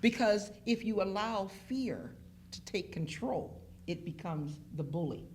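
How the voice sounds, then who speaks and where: A woman from Pittsburgh speaks in a lively, emphatic way, like someone telling stories to a group. Her voice sits in a middle pitch. A faint hum runs underneath. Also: unhurried. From Pittsburgh, Pennsylvania. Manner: animated, emphatic storyteller who acts out quotes. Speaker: phlebotomist guest. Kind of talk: casual panel chat.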